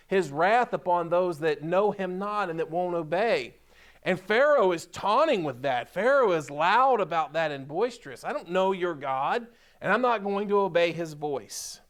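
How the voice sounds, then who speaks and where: In a church sanctuary, a pastor preaches a sermon, reading scripture aloud and emphatically repeating key points. His voice sits high with a fairly bright tone.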